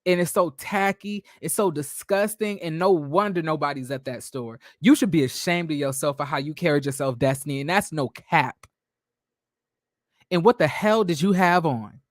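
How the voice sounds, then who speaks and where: A man's voice: fairly high pitch, normal speed, no room sound, clean studio sound. A man giving a casual, blunt recap of a reality TV episode, full of slang and restarts. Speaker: recap vlogger.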